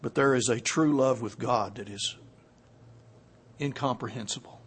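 A man preaching a sermon, moving from quiet, hushed passages up to loud, emphatic peaks, and slowing down to stress key words. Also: mid-range voice, breathy edge.

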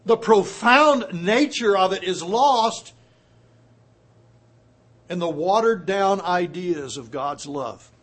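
A man preaching a sermon, moving from quiet, hushed passages up to loud, emphatic peaks, and slowing down to stress key words. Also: high voice, expressive.

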